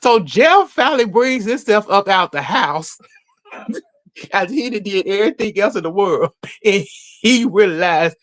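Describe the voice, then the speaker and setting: A man's voice: high voice, unhurried, no room sound, clean studio sound. Laughing, gossipy man recapping. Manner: animated gossipy storytelling, laughing often. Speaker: reality show recapper. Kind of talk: casual show recap.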